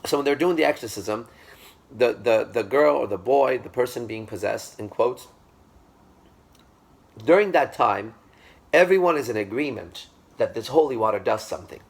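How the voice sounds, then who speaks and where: A man's voice: mid-range voice, animated, normal speed, vocal fry, pauses often. A man giving a classroom lecture, speaking with emphasis, repeating himself and checking that the class agrees.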